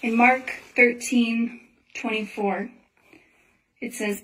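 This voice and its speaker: A woman's voice: fairly high pitch, fairly even intonation, measured pace, a bit bright. Earnest woman rambling through a testimony. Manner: earnest, rambling, many filler words. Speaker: Christian testimony speaker. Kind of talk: casual personal testimony. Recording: voice a little far from the mic.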